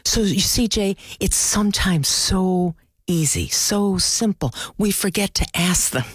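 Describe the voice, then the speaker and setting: A middle-aged woman speaks as a palliative care clinician in an interview. She is earnest and animated, acts out the people in her stories, and sits at a middle pitch. The recording is dry and close, with no room sound. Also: measured pace, slightly rough, no echo. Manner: earnest storyteller, animated, acts out quoted voices. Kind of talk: interview guest.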